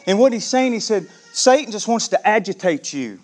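A man preaching a sermon, conversational and animated, calling the congregation "gang" and asking them questions. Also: high-pitched, moderate pace, few pauses. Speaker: pastor.

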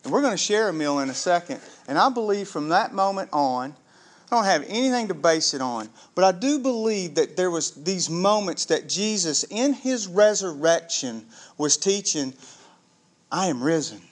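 A man preaching a sermon as pastor, telling the story with animated, acted-out dialogue. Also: sits high, moderate pace. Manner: animated storytelling, acting out biblical characters.

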